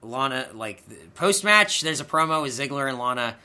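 Bright-voiced sarcastic man. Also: mid-range voice, expressive, normal speed. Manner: sarcastic, profane, exasperated. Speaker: podcast co-host. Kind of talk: casual chat recapping wrestling.

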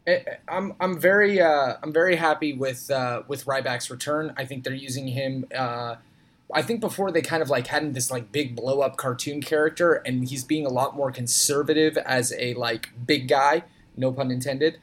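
A man's voice: medium pitch, moderate pace, fairly bright tone. A man co-hosting a podcast from a hotel room, chatting casually about wrestling and joking around. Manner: jokey, breaks into goofy impressions. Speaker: podcast co-host. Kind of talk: casual wrestling recap chat.

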